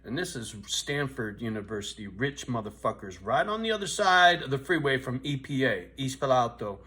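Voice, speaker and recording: A man's voice: medium pitch, expressive, fairly quick, sharp tone. A man in his fifties telling a blunt, profane, streetwise story in a vlog, asking "right?" again and again. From US West Coast. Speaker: vlogger.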